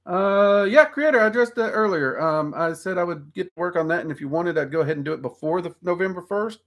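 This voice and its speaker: A man's voice: high voice, animated, fast talker, fairly bright tone. A man in his forties with a Southern drawl, casually hosting a livestream, answering viewer questions in a frank, rambling way with many ums. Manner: frank, rambling, with frequent ums and self-deprecating laughs. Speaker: host of occult livestream.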